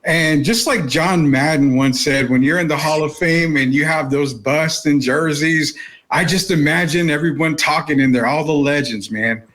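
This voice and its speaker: A man hosts a sports talk show, his voice sitting a touch higher than most. He sounds relaxed and easygoing, dropping "man" into nearly every line. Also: normal speed. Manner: relaxed, says "man" often. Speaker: show host.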